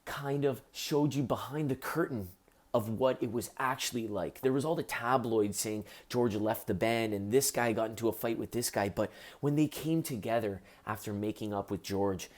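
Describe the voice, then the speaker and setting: A musician talking to camera in an earnest, heartfelt way about something that moved him. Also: male voice, medium pitch, moderate pace. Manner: earnest, heartfelt, gets choked up. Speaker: musician reviewing a documentary. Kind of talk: casual talk to camera.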